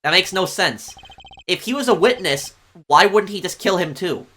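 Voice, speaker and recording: A man's voice: sits high, expressive, normal speed, sharp tone. A man hosting a let's play, chatting casually and reacting to the game. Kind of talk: casual gameplay commentary.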